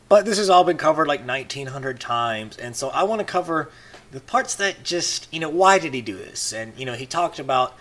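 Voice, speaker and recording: A man's voice: medium pitch, a bit bright. A man giving casual, rambling commentary as a vlogger, full of "you know" fillers and restarts.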